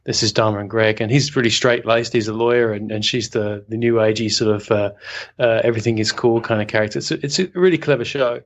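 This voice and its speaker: A man's voice: lowish voice, fairly even intonation, fast. Male co-host, easygoing anecdote teller, lots of fillers. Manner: rambling storyteller, hesitant fillers, chuckles. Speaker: writing podcast co-host. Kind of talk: casual anecdote.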